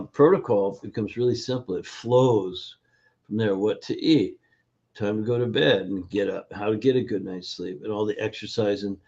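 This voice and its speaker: A man with a husky, dark, low-leaning voice appears as a guest functional nutrition educator in a casual interview over video. His storytelling is halting and full of fillers, and he performs the voices of the people he quotes, all in dull lo-fi audio.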